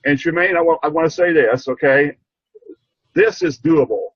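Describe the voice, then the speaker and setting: An older man sharing a heartfelt story on a video call, earnest and halting, repeating himself as he gets choked up. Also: mid-range voice, fairly even intonation, no room sound, dull audio. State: emotional, choked up. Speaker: program participant sharing a story. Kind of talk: heartfelt rambling testimony.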